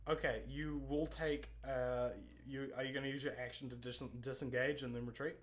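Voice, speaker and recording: A man's voice: mid-range voice, little pitch movement, normal speed. A man running a tabletop game as game master in a live stream, talking casually and laughing often.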